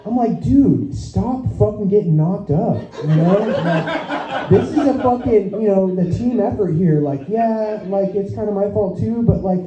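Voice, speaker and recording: A man's voice: high-pitched, expressive, unhurried, warm tone. A young man doing a stand-up set, rambling, swearing often and laughing at his own jokes. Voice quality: profane, rambling, self-amused. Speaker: stand-up comic. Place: small comedy venue. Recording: echoey lo-fi club recording.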